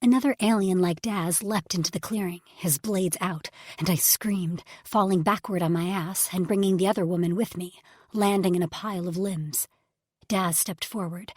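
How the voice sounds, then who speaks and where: Female audiobook narrator, husky and breathy, emotional first-person reading. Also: medium pitch, dry recording, studio quality. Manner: emotional first-person storytelling, drops to whispers. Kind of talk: scripted narration.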